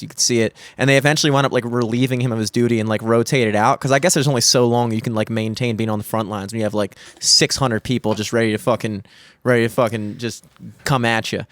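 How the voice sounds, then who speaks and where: A young man co-hosting a studio podcast, telling a story in casual, animated chat with plenty of swearing and acted-out quotes. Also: medium pitch, no room sound. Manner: animated, swearing, acts out quotes in raised voices. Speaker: podcast co-host. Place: small studio. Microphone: studio mic.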